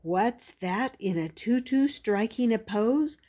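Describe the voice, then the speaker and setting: A woman's voice: animated, slow. An older woman reading a picture book aloud to children as a grandmother, lifting her voice for the animal sounds. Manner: plays animal sounds in a higher, louder voice, with soft laughs.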